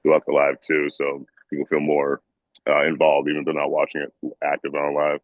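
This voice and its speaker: A man's voice: extremely low pitch, completely flat delivery, brisk, dry recording, lo-fi sound. A man who is a guest and streamer, chatting casually in a joking, easygoing way. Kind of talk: casual livestream chat.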